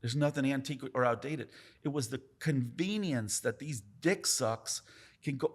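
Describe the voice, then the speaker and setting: A man's voice: mid-range voice, normal speed. Blunt, swearing man. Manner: blunt, swears often, animated storytelling. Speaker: tattoo artist guest. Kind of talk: casual podcast conversation.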